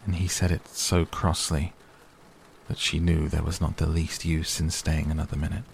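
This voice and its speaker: Male narrator, soft bedtime audiobook, very low voice, gravelly, faint rain behind. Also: a little hiss or hum. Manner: soft, calm, even. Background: rain sounds.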